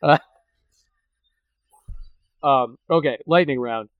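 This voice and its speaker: A man's voice: mid-range voice, slow, no room sound, phone-quality sound. A man hosting a casual podcast chat, joking around and swearing freely. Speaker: podcast host.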